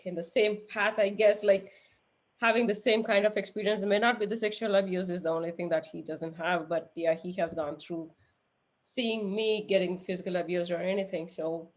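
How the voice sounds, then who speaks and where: Earnest woman podcast host. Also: medium pitch. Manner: earnest, searching questions. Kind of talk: interview conversation.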